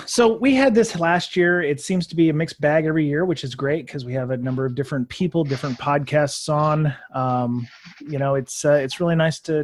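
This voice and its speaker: A man hosting a casual group podcast, talking loosely with many fillers and restarts. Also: a little high. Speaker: podcast host.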